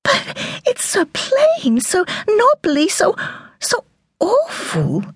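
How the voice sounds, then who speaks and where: A woman's voice: lowish voice, big pitch swings, takes it slowly, slightly rough, no room sound, clean studio sound, heavily acted. A woman voicing a sunny-natured young mother in an audiobook, protective and emotional. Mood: wailing. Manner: emotional, pleading.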